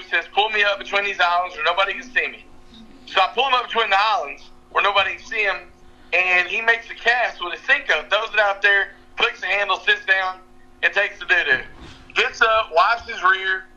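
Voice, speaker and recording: A man's voice: sits high, pushed and bright. A young man with a drawl, laughing as he tells a fishing story over a call. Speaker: fishing guide and podcast regular. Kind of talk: casual storytelling. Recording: muffled phone-line call.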